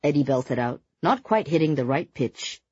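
A narrator reading a novel aloud in a measured, even storytelling manner. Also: medium pitch, slightly rough, dry recording, highs cut off. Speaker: audiobook narrator. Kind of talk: scripted audiobook narration.

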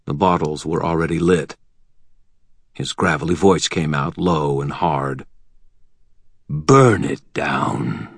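Man, deep voice, dry recording, steady audiobook narration. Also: measured pace, breathy edge, dry recording. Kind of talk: first-person audiobook narration.

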